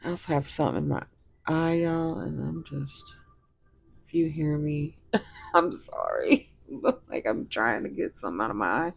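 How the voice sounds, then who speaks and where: A woman's voice: low voice, moderate pace, gravelly. A woman giving a casual tarot reading to viewers, rambling and giggling as she talks to them directly. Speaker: tarot reader.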